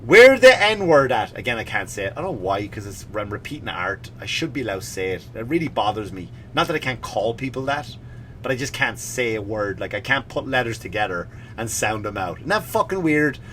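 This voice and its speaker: A male comedian on his podcast, ranting in a sarcastic, mock-serious way. His voice is bright and forceful, and a faint hiss sits under the recording. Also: fairly low pitch, animated, brisk. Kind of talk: comedic rant.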